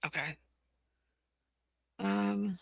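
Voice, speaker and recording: A woman's voice: medium pitch, drawn-out words, vocal fry, no room sound. A woman hosting a casual livestream, flustered and apologetic, talking to herself and laughing often. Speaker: livestream host for teaching-resource sellers.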